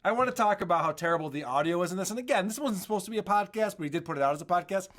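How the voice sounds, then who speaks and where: A man's voice: high-pitched, expressive, very fast, fairly bright tone. A man co-hosting a podcast, casually commenting on radio clips with profane, mocking humor. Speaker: podcast co-host.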